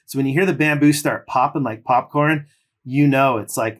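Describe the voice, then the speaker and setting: A middle-aged Californian man, once a pro surfer, talks at a medium pitch and moderate pace as a podcast guest. He spins long, casual stories in a relaxed, rambling way, full of loose fillers.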